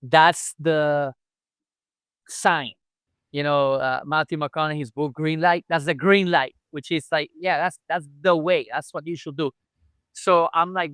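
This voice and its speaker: A man's voice: a little high, fairly even intonation, a little slow, a bit bright, smooth, dry recording. A chiropractor guest telling his story in a conversational podcast interview, acting out remembered dialogue as he goes.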